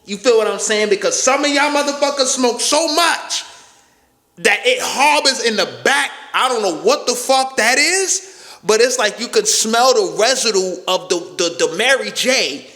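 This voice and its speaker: A man telling a profane, animated story in a casual storytime monologue, punctuating it with "right?" and "boom.". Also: moderate pace. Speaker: storyteller vlogger. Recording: echoey room with long reverb.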